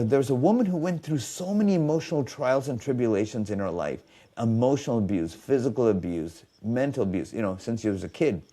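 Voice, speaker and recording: A man's voice: mid-range voice, warm tone. A man telling stories in a podcast conversation as a biofeedback specialist, acting out quoted dialogue.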